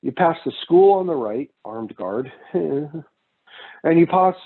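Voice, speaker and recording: A man's voice: a little high, lively intonation, slow pace, gravelly, narrow, tinny audio. A man giving a casual recorded economics lecture, drifting into personal anecdotes. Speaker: economics instructor.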